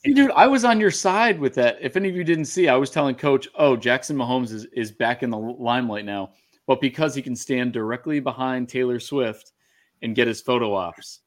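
Teasing sports podcast host. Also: male voice, mid-range voice. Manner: teasing, quick jabs. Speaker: podcast host, Raiders fan. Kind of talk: casual sports podcast chat.

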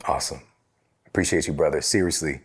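Low-voiced guy hosting a podcast, thanking his guest, chill and appreciative. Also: fast talker, slightly rough. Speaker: podcast host. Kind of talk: conversational interview.

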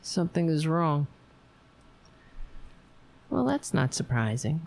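An overtired woman hosting a livestream, rambling warmly to her viewers and signing off. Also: sits low, animated, slow, gravelly. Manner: rambling, emotional, talks to viewers. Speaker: livestream host. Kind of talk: casual late-night livestream sign-off.

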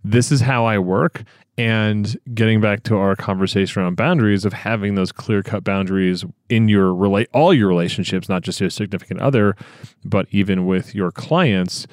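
A podcast host speaks in a fairly low voice and reflects enthusiastically on his guest's points. The recording is dry with no room sound. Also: normal speed, dry recording. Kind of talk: casual podcast conversation.

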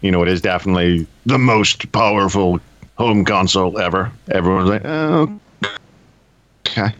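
A low-voiced man rambles wryly through casual podcast chat, often stopping to correct himself. The recording sounds dull and dry, with muffled highs and no room echo. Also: fairly even intonation, brisk, fairly bright tone. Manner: rambling, self-correcting, wry. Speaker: podcast co-host.

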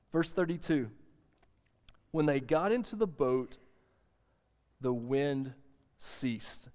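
An earnest male pastor delivers a sermon with a slightly raised pitch. He slows for soft emphasis, then presses with urgency. His voice carries a long reverb from a church hall.

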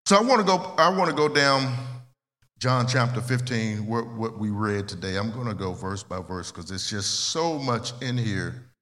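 A man preaching a sermon as pastor, talking plainly and conversationally, repeating phrases and swinging between loud and soft. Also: lowish voice, normal speed, in a large hall.

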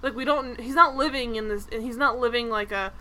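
A woman co-hosting a casual TV review podcast, chatty and animated, full of "like" fillers. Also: a little high, fairly quick. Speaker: podcast co-host.

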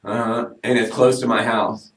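A man's voice: mid-range voice, level tone, moderate pace. A male podcast guest talks openly and jokes about himself, in a middle-range voice. The room is roomy and echoing. The mic sits some distance away. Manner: candid, joking, self-mocking. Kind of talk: casual podcast chat.

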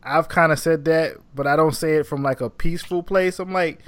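Bright, animated male podcast guest. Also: on the high side, brisk, no echo. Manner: loose and animated, lots of "like". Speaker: podcast guest, webcomic creator. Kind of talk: casual podcast conversation.

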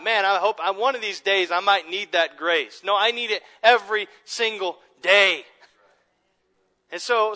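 A man preaching a sermon with earnest conviction, dropping soft and low for reflective moments and rising for emphatic points. His voice is fairly high for a man and bright, with a forceful edge. It rings out with the long reverb of a large hall. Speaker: pastor.

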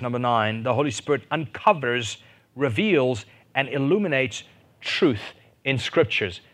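A man preaching a sermon, animated, rising to loud fervent peaks and asking his listeners questions. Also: mid-range voice. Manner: asks the audience questions and jokes.

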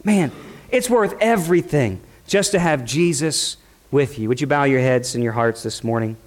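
A man's voice: mid-range voice, animated, moderate pace. A man preaching a sermon at a church service, passionate and full of rhetorical questions. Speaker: pastor.

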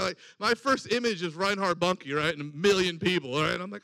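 A man's voice: sits high, a little fast, creaky, sharp tone, dry recording. A man preaching a sermon, telling a personal story and acting out the voices in it. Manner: storytelling with acted-out quoted dialogue.

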